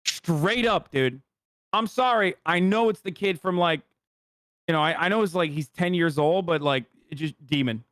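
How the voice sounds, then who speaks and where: A man's voice: on the high side, normal speed, a bit bright, dry recording, studio quality. A man streaming from the United States, reacting to a video in brash, profane, joking casual chat.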